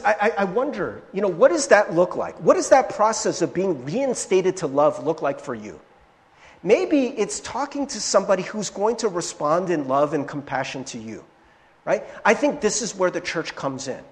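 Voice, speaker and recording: A man preaching a sermon as pastor, conversational and animated, with frequent "right?" asides and restarts, in a church sanctuary. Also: high-pitched, normal speed. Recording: long hall reverb from a church sanctuary.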